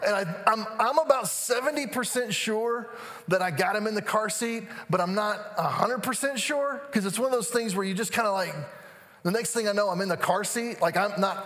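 Animated man preaching in a hall. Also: high voice. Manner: animated storytelling, acting out quotes, then slow and hushed. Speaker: pastor. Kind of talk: sermon. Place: church sanctuary.

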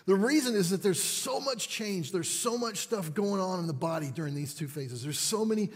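Man, higher pitched and a bit husky, animated storyteller poking fun at himself, big hall echo. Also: moderate pace. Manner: animated, self-deprecating storyteller. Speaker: parent and speaker. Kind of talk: storytelling talk to an audience.

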